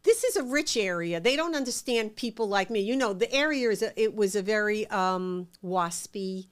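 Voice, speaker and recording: A middle-aged woman with a New York accent, telling stories from her life in a casual, animated way and acting out the voices in them. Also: medium pitch, normal speed, clean tone. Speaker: interview guest. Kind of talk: casual storytelling.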